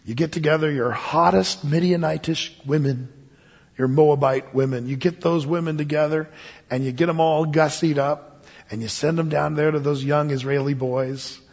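Gravelly man preaching in a reverberant hall. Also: a little high, normal speed. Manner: animated storytelling with chuckles and asides. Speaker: pastor. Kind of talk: expository sermon. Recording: dull lo-fi sound with long hall reverb.

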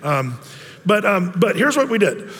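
Folksy middle-aged Bible teacher in a hall. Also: male voice, high-pitched, sing-song, measured pace, a bit bright, breathy edge. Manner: folksy and rambling, many fillers and restarts, humorous asides. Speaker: men's Bible study teacher. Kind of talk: conversational Bible teaching with personal stories.

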